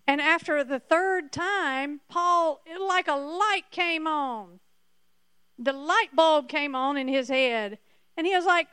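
A woman's voice: high-pitched, slow pace, pushed and bright, no echo, clean studio sound. A woman preacher giving a sermon emphatically, repeating her points to the congregation.

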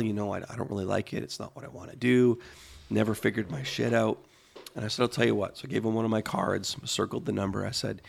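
A man in his forties co-hosting a podcast, telling a personal story slowly, with pauses and repeated phrases. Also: fairly low pitch, creaky. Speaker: podcast co-host. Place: podcast studio.

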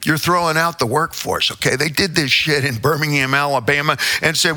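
A man's voice: fairly high pitch, fairly even intonation, a little fast, sharp tone. A man in his sixties delivering a rambling, profane comic rant. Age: 60s.

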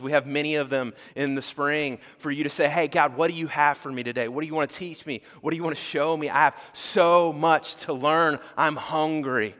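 A male pastor giving a sermon in a lively, conversational preaching style that acts out quotes. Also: on the high side, big-room sound.

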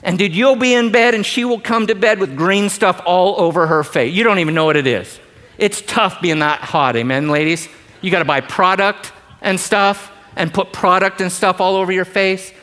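A middle-aged male pastor preaching a sermon in an animated, joking way, swinging from loud emphasis to hushed asides. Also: sits high, moderate pace.

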